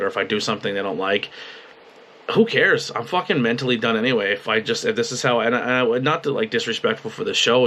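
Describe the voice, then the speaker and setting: A young man talking in a personal video journal, halting and emotional, swearing freely as he rambles about his weekend. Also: on the low side, fairly bright tone, a little hiss or hum. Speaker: podcast host and wrestling commentator. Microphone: webcam at a desk.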